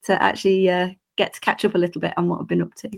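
A woman with a croaky voice, chatting casually as a photographer full of ums. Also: lowish voice, little pitch movement, racing. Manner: lots of ums, rambling. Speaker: podcast guest photographer. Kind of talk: casual chat.

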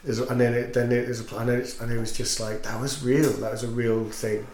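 A man's voice: mid-range voice, little pitch movement, brisk, a little mellow. A man who teaches and sings, a guest in a casual interview, telling his story in an earnest, reflective way. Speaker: podcast guest, teacher and singer. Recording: roomy echo with faint noise.

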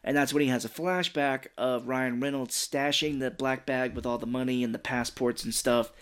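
This man co-hosts a podcast and recaps a film in loose, casual talk. He bounces through scenes and drops into quick quoted lines from the characters, swearing as he goes. His voice sits at an ordinary middle pitch. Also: fairly even intonation, a bit bright, clean tone. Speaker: podcast co-host. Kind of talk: casual movie recap chat.

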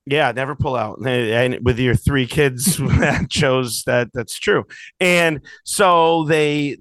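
A man's voice: medium pitch, fairly bright tone, dry recording, low-quality recording. A man co-hosting a podcast, telling long casual stories with lots of restarts and asides. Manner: rambling storyteller, many restarts. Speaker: podcast co-host. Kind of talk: casual chat.

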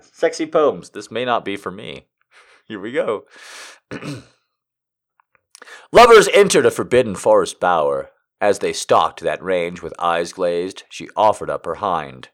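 A man's voice: low-pitched, sing-song, takes it slowly. A man reading erotic poems aloud for comedy, breaking off to laugh and make incredulous asides. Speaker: comedic reader.

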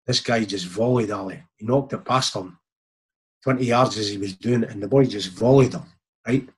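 A Scottish man in casual chat, telling animated anecdotes and acting out the people in them. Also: fairly low pitch, normal speed, breathy edge. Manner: broad, animated storytelling with acted quotes.

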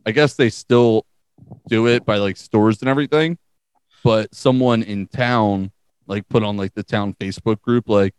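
A man's voice: lowish voice, fairly even intonation, a little slow, a little mellow, clean tone, no echo. A young man co-hosting a podcast in casual chat, joking loosely and laughing often. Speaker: podcast co-host.

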